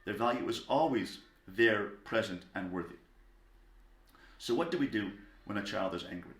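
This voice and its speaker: A low-pitched man teaches parents in a calm, measured lecture, leaning on key words. His voice rings in a noticeably echoey room. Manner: calm and deliberate, stressing single words.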